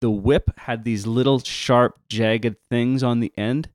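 A man's voice: mid-range voice, steady tone, slow pace, a little mellow, no room sound. Guy co-hosting a bible story lesson, chatty, keeps restarting, dry sound. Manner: conversational, restarts, emphatic asides. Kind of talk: casual Bible storytelling for kids.

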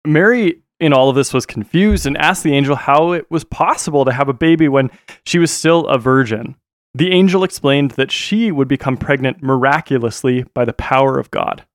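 A man's voice: medium pitch, moderate pace, dry recording, studio quality. Chatty man retelling a Bible story. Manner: chatty, joking, loose. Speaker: co-host.

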